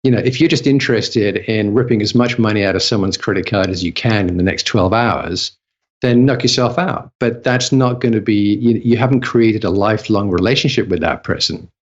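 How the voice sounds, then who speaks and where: A man's voice: fairly low pitch, fairly quick. A man giving an interview as a copywriting guest, chatty and casual, often restarting and repeating words mid-sentence. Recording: slightly dull lo-fi audio.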